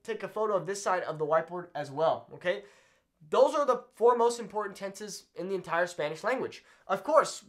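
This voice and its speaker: Male teacher at a whiteboard, very animated intonation, patient and repetitive, checks in with viewers. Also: sits high. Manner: checks in often with "okay?" and repeats examples slowly. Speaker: Spanish teacher. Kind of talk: whiteboard language lesson. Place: indoors at a whiteboard.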